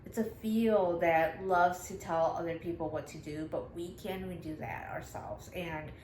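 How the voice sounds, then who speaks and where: A woman therapist speaks earnestly as a guest in a casual chat, with a fairly low voice. She often murmurs agreement. The room is echoey, with faint noise behind her. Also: steady tone, normal speed, darkish tone. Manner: earnest, frequent affirming murmurs.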